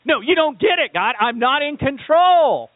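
Man acting out a frantic pleading prophet, shrill shouting, swooping voice, tinny phone-line sound. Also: animated, moderate pace, no echo. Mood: exasperated. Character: exasperated biblical prophet Moses, man, at his wit's end.

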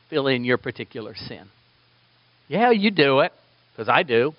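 A man preaching a sermon, swinging between loud emphatic lines and quiet asides, with playful remarks to his listeners. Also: medium pitch, moderate pace, pauses often, no room sound, muffled recording. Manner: animated preaching with sudden loud and soft turns, playful asides to the congregation. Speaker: pastor.

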